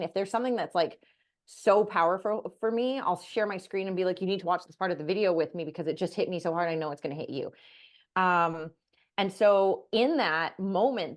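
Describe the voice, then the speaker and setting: A middle-aged woman co-hosting a podcast, talking candidly and bluntly, animated and swearing freely. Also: lowish voice. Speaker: podcast co-host. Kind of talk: candid casual chat.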